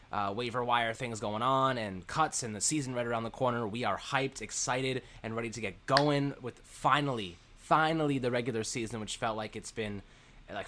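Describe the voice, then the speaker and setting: A man's voice: medium pitch, fairly bright tone. A man hosting a sports podcast, talking upbeat and hyped in a loose, rambling way. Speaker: podcast host. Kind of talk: casual sports podcast chat.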